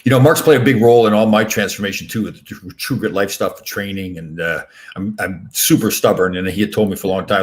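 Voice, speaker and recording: Man, host, from Canada, casual chat, energetic, quick, lower pitch. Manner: fast, fired-up talker.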